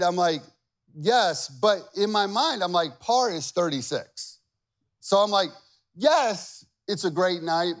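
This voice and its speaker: A man in his forties preaching a sermon in a chatty, self-deprecating way, often asking the crowd questions. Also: fairly high pitch. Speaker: pastor. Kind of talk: sermon with personal stories.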